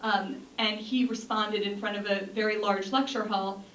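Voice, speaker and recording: A woman's voice: mid-range voice, flat delivery, normal speed, a bit bright. A young woman giving an earnest talk to an audience, with frequent ums and restarts. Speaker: speaker. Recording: echoey room from a distance, faint noise.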